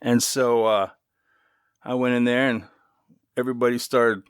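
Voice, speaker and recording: A man's voice: mid-range voice, steady tone, a little slow, clean tone, no echo, clean studio sound. A middle-aged man hosting his own podcast, telling a story in a loose, chatty way with swearing and asides. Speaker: podcast host. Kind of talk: casual storytelling monologue.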